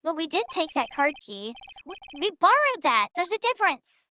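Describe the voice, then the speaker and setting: A woman's voice: extremely high pitch, very animated, normal speed, sharp tone. A woman streamer chatting casually and self-mockingly while playing a game, with joking asides.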